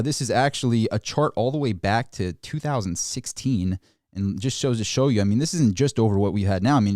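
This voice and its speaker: Guy doing a casual finance stream, warm low-key tone, dry sound, gets sarcastic, lots of restarts. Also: no echo. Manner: animated, sarcastic, frequent restarts. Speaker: host of a finance channel. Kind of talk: casual market commentary livestream.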